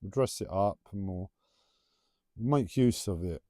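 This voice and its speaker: A man's voice: deep voice, a little slow, mellow, dry recording, studio quality. A man livestreaming a casual, rambling spiritual monologue in a playful, teasing way.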